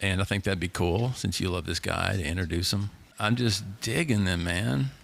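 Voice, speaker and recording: A man's voice: deep voice, moderate pace, vocal fry, a bit bright. A man hosting a live talk show, guiding the conversation in a laid-back, friendly way. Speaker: host.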